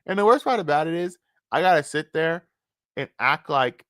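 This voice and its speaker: A streamer ranting on a live stream, cursing constantly, dropping to low mutters and then bursting out loud, and often repeating the same phrase several times. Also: animated, moderate pace, no room sound, clean studio sound. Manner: profane, swings between low muttering and loud outbursts.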